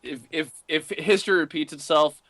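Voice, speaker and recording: A man's voice: a little high, fairly even intonation, moderate pace, a bit bright, dry recording. A man hosting a casual interview, reading a listener question and joking around with his guest. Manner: jokey, laughs while talking. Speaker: host. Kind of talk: casual podcast chat.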